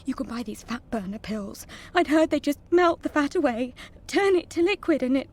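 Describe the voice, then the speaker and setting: A woman's voice: high voice, animated, moderate pace. An actress playing a weary, ashamed woman dieter who talks in an anxious, confessional way in a radio comedy.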